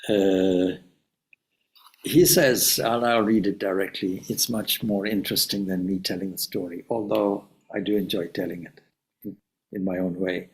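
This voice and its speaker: A man's voice: low voice, steady tone, a little slow, vocal fry, rough recording. A man, a swami, giving a reflective spiritual talk and telling a story with asides.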